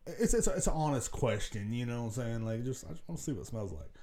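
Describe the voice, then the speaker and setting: A man's voice: medium pitch, animated, fast, dark tone, slight background noise. A man in his thirties hosting a podcast, ranting casually and profanely, rambling and laughing at his own jokes. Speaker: podcast host. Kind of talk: casual solo rant.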